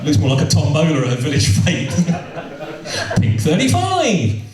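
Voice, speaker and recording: A stand-up comedian with a slightly high voice tells a rambling story at an unhurried pace, his pitch swooping wildly as he interrupts himself, repeats things, and adds amused asides. A crowd can be heard behind him, and he is recorded from far off in an echoey room.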